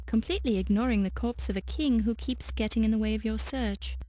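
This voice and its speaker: A woman's voice: a little high, mellow, no echo. A woman streaming a game, chatting and reading its text aloud with stumbles and restarts. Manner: unhurried, reads with stumbles and restarts. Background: faint game music.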